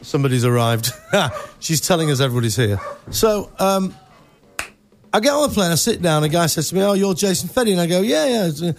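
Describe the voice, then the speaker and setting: A man's voice: fairly high pitch, expressive, a little fast, over music. A man hosting a radio show in casual chat, telling rambling stories and laughing at his own jokes. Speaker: radio host. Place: radio studio.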